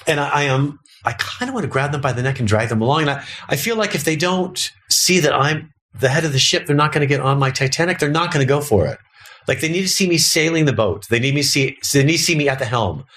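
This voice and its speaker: A man's voice: on the high side, animated, fast, fairly bright tone. A man, a stand-up comedian talking bluntly and profanely as a podcast guest, slipping into mocking quoted voices. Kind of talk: casual podcast conversation.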